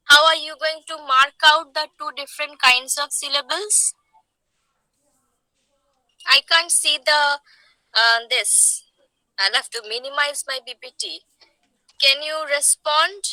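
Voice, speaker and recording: A woman teacher, giving an online class lecture. She talks slowly and repeats points, often checking that students follow. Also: sits high, bright, forceful tone, no echo, low-quality recording. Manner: slow, repetitive, checks on students.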